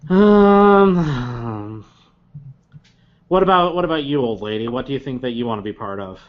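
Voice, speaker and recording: A man running a tabletop game as game master, talking casually with many quick restarts. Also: mid-range voice, lo-fi sound. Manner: stammering restarts, animated.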